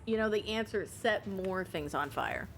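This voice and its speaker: A chatty young woman livestreams a puzzle game, talking casually to viewers while she swears, laughs a lot, and shrieks in panic. Her voice is medium in pitch, expressive, at normal speed and a bit bright, and there's a little hiss or hum.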